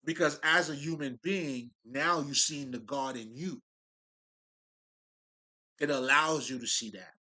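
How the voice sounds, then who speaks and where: A man with a bright, forward voice talks through spiritual ideas in a loose, street-slang monologue. He circles back on his words, restarts sentences and swears casually as he works his point out. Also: medium pitch, a little slow, long pauses. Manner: loose, profane street talk, restarts and laughs. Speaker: spiritual speaker.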